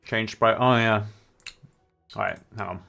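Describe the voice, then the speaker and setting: A man's voice: on the low side, fairly even intonation, unhurried, gravelly, pushed and bright. A young man chatting casually and swearing freely while livestreaming a game. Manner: chatty, swears casually, sings along to music. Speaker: streamer. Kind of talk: casual gaming livestream chat. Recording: faint music behind.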